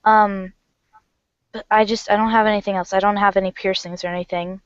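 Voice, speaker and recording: A woman's voice: mid-range voice, flat delivery, brisk, clean tone, no echo. A young woman, likely still in school, talking bluntly and scornfully as a guest in a casual livestream chat. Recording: dry, dull lo-fi audio.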